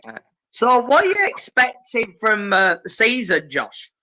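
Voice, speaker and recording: A man with a Manchester accent hosts a football stream, talking hesitantly with plenty of fillers. His voice is high for a man and bright. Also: huge pitch swings, a little slow, poor audio. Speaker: stream host. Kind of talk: casual chat.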